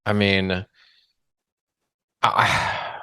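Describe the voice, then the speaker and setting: A man co-hosting a casual film discussion, relaxed and a little hesitant as he talks. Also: on the low side, very slow, smooth, dry recording, studio quality. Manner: relaxed, hesitant, many fillers. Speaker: podcast co-host.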